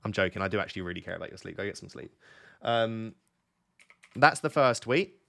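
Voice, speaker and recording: A young man with a slightly low voice chatting casually on a late-night live stream, lying in bed at home. He teases his viewers and keeps up a running, easygoing banter. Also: lively intonation, brisk, vocal fry, fairly bright tone. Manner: chatty, teasing, talks to chat. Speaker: fantasy football streamer, host.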